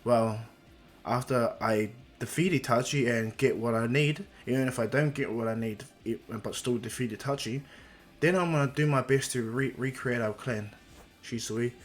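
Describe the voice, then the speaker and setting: A man voicing a serious, reserved young boy ninja with a flat, matter-of-fact manner. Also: mid-range voice, normal speed, soft background music, natural voice.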